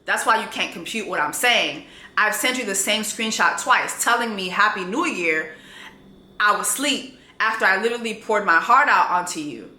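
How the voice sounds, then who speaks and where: Woman, thirties, storytime vlog, blunt and sassy, bright tone, roomy echo. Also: mid-range voice, animated, normal speed. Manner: blunt, sassy, quotes texts aloud. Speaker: vlogger telling a dating story.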